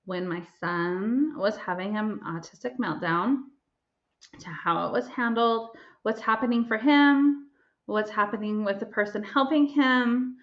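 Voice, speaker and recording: A woman hosting her own podcast, telling a personal story with emotion and plenty of pauses and ums. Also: medium pitch, muffled recording. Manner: emotional, pausing, many ums. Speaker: podcast host and life coach.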